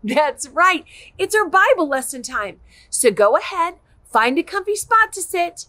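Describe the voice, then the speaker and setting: Animated woman teaching preschoolers. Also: very high-pitched, no room sound. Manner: animated, slow and encouraging, speaking to small children. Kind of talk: children's Bible lesson.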